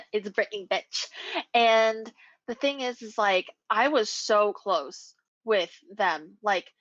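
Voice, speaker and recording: A young adult woman, a podcast co-host, telling a story in casual chat with animated, swearing delivery. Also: mid-range voice, slow pace, dry recording. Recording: dull lo-fi recording.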